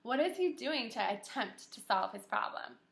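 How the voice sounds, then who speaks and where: A young woman teacher reading a story aloud to kindergarteners, animated and encouraging, asking the children questions. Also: fairly high pitch, moderate pace, vocal fry. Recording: echoey room.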